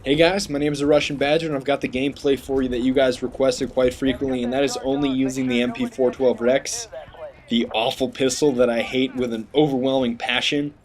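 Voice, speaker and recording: A man giving chatty, rambling gameplay commentary, getting sidetracked and excitable over his kills. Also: medium pitch, a little fast. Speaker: gaming commentator.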